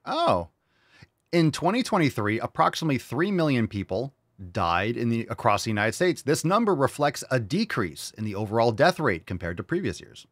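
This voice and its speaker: A man's voice: medium pitch, very animated, normal speed, no echo, studio quality. A man hosting a casual reaction show, talking bluntly and sarcastically with plenty of swearing. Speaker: show host.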